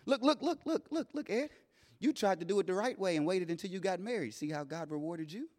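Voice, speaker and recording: A man voicing a whispering, accusing voice of doubt in a low hushed tone, echoing in a large hall. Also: lively intonation, fairly quick. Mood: taunting whisper. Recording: long reverb of a large hall.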